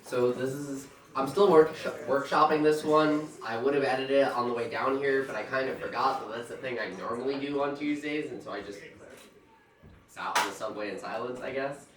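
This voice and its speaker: A man's voice: medium pitch, fairly even intonation, normal speed, crowd noise. Guy fumbling with his phone then reading a poem, mid voice, echoey room far away. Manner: hesitant, rambling before reading. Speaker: poet performer. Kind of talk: poetry reading.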